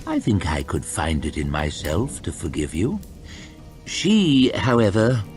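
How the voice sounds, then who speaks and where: A man's voice: low-pitched, very animated, unhurried, faint music behind. A man voicing an old male wizard who speaks in a wry, teasing way. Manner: chuckling, teasing.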